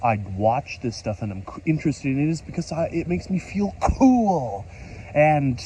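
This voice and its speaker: A tired man in casual, rambling vlog commentary, excitable and talking to himself while standing outside in a rainstorm. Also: on the high side, normal speed, a little hiss or hum, poor audio. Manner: chatty, excitable, talks to himself, mild self-censored cursing. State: tired from staying up all night. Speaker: vlogger. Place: outdoors on a top step in a rainstorm. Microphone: handheld camera. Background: rain falling.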